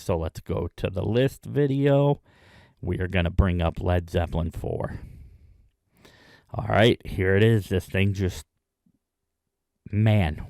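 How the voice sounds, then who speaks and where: A man hosting his own video, chatting enthusiastically in a casual rundown with frequent pauses. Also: low-pitched, creaky, a little mellow, dry recording, studio quality. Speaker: music video host.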